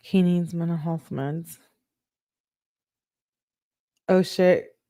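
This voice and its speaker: A woman with a fairly low voice reads a string of text messages aloud, stopping often to react in her own words. The sound is close and dry, with no room behind her. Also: fairly even intonation, dark tone, dry recording. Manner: reads quotes then breaks in with quick reactions. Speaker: online true-crime show host. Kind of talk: reading text messages aloud with live commentary.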